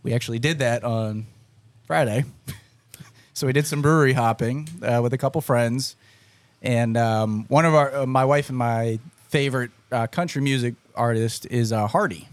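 An easygoing man from Massachusetts co-hosts a podcast chat, filling his sentences with "uh"s. His voice is mid-pitched and recorded dry and close. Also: normal speed, no room sound. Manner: easygoing, many fillers like "uh". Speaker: podcast co-host. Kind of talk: casual chat.

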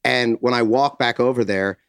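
An American man telling a story in casual chat, animated, acting out quotes and swearing. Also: medium pitch, normal speed, vocal fry, smooth, dry recording, clean studio sound. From United States. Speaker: podcast host telling a story.

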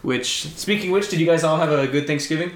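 Joking young man in a roomy space. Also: fairly high pitch. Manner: loud, joking, quick to laugh. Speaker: podcast host. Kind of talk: casual chat. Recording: echoey room, faint background noise.

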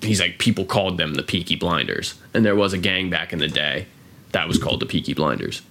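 A man's voice: low voice, a little fast, bright, forceful tone. An American man hosting a casual podcast, rambling and swearing freely, with lots of fillers. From United States. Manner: rambling, profane, filler-heavy. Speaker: podcast host. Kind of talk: casual chat.

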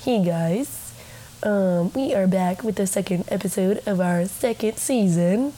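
A woman's voice: mid-range voice, measured pace, warm tone, low-quality recording. A young American woman hosting a casual podcast, giggly and swearing freely. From United States. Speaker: podcast host. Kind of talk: casual chat.

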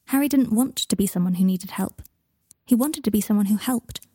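A woman narrating a story calmly and evenly into a close mic. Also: mid-range voice, brisk, husky, no echo. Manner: calm, even narration. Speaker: audiobook narrator. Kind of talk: reading fan fiction aloud.

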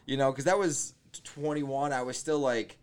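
A man's voice: medium pitch, moderate pace, clean tone. A man telling a crude personal story in casual comedy podcast chat, laughing often.

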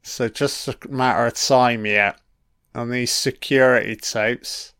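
Slow, croaky-throated man, swearing. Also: mid-range voice, steady tone, pushed and bright, dry recording, studio quality. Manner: profane, talks back at the screen. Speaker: film commentator. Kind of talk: casual film commentary.

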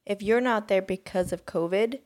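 A woman's voice: mid-range voice, normal speed, darkish tone. A young woman co-hosting a podcast, chatting casually while sick, filling her talk with "like". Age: young adult. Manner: chatty, uses many fillers and "like". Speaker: podcast co-host. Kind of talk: casual chat.

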